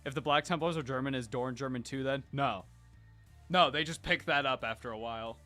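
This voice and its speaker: A man hosting a casual chat while painting miniatures, animated and joking. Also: medium pitch, fairly quick, soft background music. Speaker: host.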